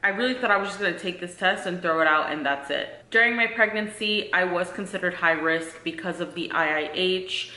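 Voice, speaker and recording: A woman's voice: on the low side, fairly quick, few pauses, sharp tone. A woman in her thirties chatting to camera in a casual vlog, earnest and talkative, full of "like" and "um". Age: 30s. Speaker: vlogger. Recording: echoey room.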